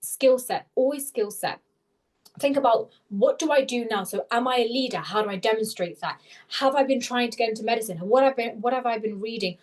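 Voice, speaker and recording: A young woman tutoring interview skills in a live webinar, talking fast with animated, self-correcting explanations over a video call. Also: a little high.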